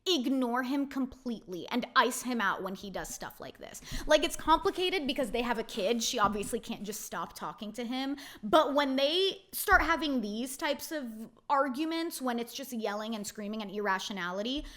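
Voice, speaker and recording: Bright, animated young woman ranting. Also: on the high side, moderate pace, hardly any pauses. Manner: blunt, swears freely, heavy use of "like". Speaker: reality TV recap host. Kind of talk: casual opinionated recap.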